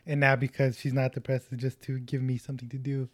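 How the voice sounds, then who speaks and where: A man's voice: mid-range voice, flat delivery, quick pace, dry recording, clean studio sound. A man of about twenty hosting a podcast in casual chat, rambling and self-mocking. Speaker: podcast host.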